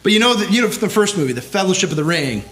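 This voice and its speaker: A man's voice: sits high, big pitch swings, rapid-fire, fairly bright tone. A man, a pastor giving a conference talk, speaking emphatically and checking in with the audience with "right?" after nearly every line. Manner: emphatic, keeps tagging lines with "right?".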